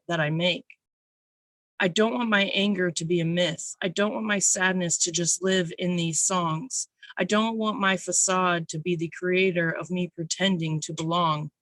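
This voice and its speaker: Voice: medium pitch, a bit bright, no room sound. A poet reading their own spoken word poems at an online open mic, nervous but intense.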